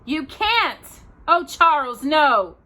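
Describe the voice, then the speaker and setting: A woman voicing a frightened pioneer mother, pleading and fierce, in a storybook reading. The voice is bright and swings widely in pitch. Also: sing-song, normal speed, heavily acted. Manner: pleading, high-strung. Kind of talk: reading aloud a children's novel.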